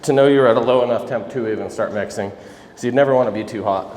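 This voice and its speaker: A man's voice: mid-range voice, fast talker, a little mellow. A man hosting a casual epoxy flooring workshop, chatty and self-deprecating as he jokes while working indoors. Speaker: host and epoxy instructor. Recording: echoey hall-like room, faint background noise.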